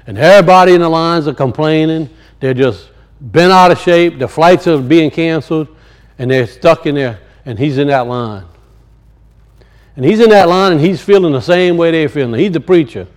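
A man preaching a sermon and telling stories, swinging from loud high peaks to low muttered asides. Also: normal speed, rough recording. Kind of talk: sermon with storytelling.

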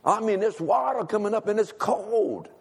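This older male preacher has a high, gravelly, slightly rough voice and speaks at normal speed. He recounts a personal story in his sermon conversationally, prompting the congregation to respond, and a large hall's long reverb trails his words.

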